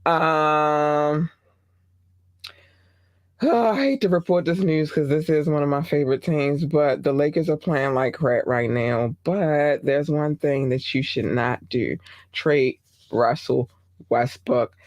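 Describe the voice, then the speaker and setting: A woman's voice: low voice, a little slow, darkish tone, no room sound. A woman hosting a casual gossip podcast, chatty with many fillers and asides. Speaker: podcast host.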